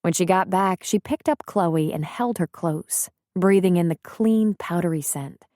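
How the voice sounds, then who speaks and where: A woman narrates an audiobook, telling the story in a measured, even way. Her voice is on the low side, and the recording is clean studio sound with no echo.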